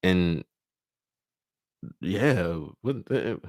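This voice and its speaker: Low-voiced swearing man ranting casually. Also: drawn-out words, no room sound, studio quality. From California. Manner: animated, swearing, laughs often, acts out scenes. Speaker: live stream host. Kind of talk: casual profane monologue.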